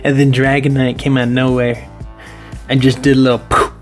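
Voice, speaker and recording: A man's voice: mid-range voice, level tone, brisk, faint music behind. A man hosting a card collecting video, giving casual, playful review commentary and addressing viewers as boys.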